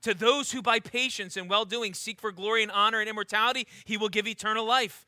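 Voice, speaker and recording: A man delivers a sermon in a high, very bright voice. He reads scripture aloud and stretches key words for weight. The sound is close and dry, with no room echo. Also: steady tone. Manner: emphatic, slows down to stress key words. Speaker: preacher.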